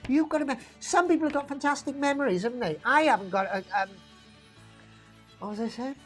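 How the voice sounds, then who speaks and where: A woman's voice: high-pitched, a little fast, faint music behind. A woman hosting a live online pub quiz, chatty and rambling, reading out questions and options and laughing often at herself. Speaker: quiz host.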